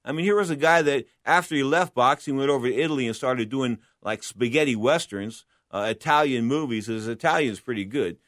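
Speaking a little fast with hardly any pauses, a boxing commentator with a mid-range, somewhat bright voice gives a blunt, emphatic take on boxing history. The studio sound is clean with no room sound, and he keeps raising and answering his own questions in this opinionated monologue.

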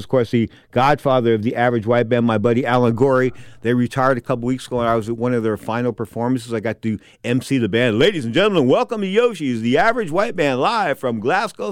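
A man's voice: mid-range voice, clean tone, no echo. A middle-aged man hosting a boxing talk show from a studio, blunt and sarcastic as he rants in opinionated sports talk.

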